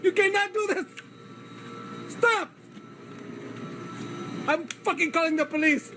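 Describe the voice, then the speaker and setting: A furious, foul-mouthed convenience store clerk, played by a man in a put-on Indian accent, barking scoldings in a raised, high voice. The sketch was filmed on a handheld camera with heavy noise behind it. He sounds tireless in his outrage. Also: slow, full character voice. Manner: shouting, profane, scolding. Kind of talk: comedy sketch.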